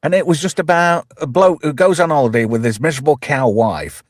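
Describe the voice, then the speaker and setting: A man's voice: a little high, fairly quick, no echo, clean studio sound. A man with an East Midlands accent hosting a live show, talking in a blunt, jokey, swearing and rambling way. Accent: East Midlands English. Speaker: host. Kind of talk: casual live chat show banter.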